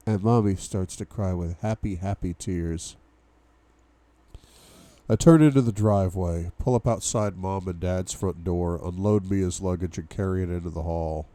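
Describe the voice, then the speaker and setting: A man's voice: low-pitched, measured pace, dark tone. A young man reading a novel aloud for a book club, with asides to his viewers. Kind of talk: audiobook-style reading.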